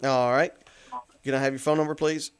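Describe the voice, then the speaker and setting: A man's voice: mid-range voice, level tone, brisk, clean tone. A man hosting a call-in radio show, joking, rambling and poking fun at himself on a studio mic. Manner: rambling, joking, self-mocking.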